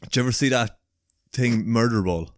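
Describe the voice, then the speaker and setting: A man's voice: mid-range voice, moderate pace, no room sound, clean studio sound. A man with an Irish accent chatting casually in a laid-back way, swearing now and then. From Ireland. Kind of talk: casual chat.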